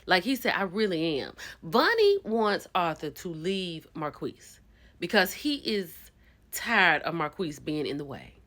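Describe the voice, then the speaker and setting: A woman recapping a reality show in a gossipy, expressive way, acting out the people she quotes. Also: lowish voice, a little slow. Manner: gossipy and expressive, acts out quotes, bursts into laughter. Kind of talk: animated casual recap.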